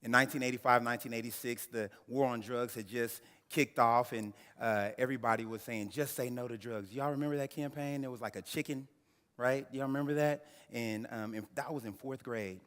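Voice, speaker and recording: A man in his thirties giving a keynote speech, telling a personal story with dramatic pauses and talking straight to the audience. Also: mid-range voice, fairly even intonation, a bit bright. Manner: dramatic storyteller who addresses the audience directly. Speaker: keynote speaker. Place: large banquet hall. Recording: echoey banquet hall through a PA.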